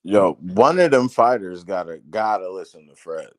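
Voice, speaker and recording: A man in a casual barbershop chat, talking emphatically with halting restarts. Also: low voice, animated, no echo.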